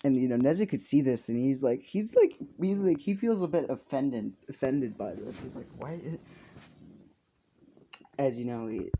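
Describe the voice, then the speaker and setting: A man's voice: medium pitch, animated, moderate pace, hardly any pauses, dark tone, a little hiss or hum. Rambling young man telling a fan story. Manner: rambling, filler-heavy, swears. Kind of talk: casual improvised storytelling. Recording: dull lo-fi recording.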